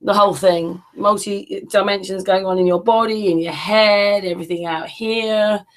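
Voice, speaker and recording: A woman's voice: medium pitch, steady tone, moderate pace. A woman co-hosting a casual online show, chatting and thanking viewers as she signs off. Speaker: co-host. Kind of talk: casual chat wrapping up a stream.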